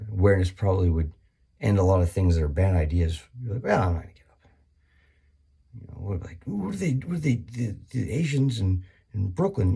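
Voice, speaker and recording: Low gravelly guy rambling thru a comedy bit, husky and swearing a lot. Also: dark tone. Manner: rambling, profane, with many restarts and sudden high-pitched acted-out bursts.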